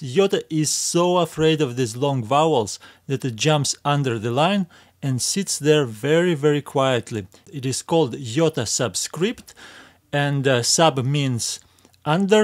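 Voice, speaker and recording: Male teacher, a bit high-voiced, slow and careful, repeats each sound, dry close recording. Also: expressive, no room sound. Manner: frequent "uh" fillers. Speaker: Greek teacher. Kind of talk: recorded video lesson.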